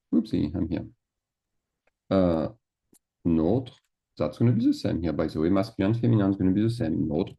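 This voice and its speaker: A French teacher runs a screen-share grammar lesson, mixing French into his English and checking in with "d'accord?" along the way. His voice is low and mellow, and he explains each form at an unhurried pace.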